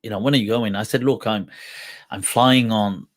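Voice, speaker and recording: A man hosting a talk show, telling a personal story in a casual, animated way with frequent laughter. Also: on the low side, normal speed. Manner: animated, laughs often, acts out quoted voices. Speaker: host.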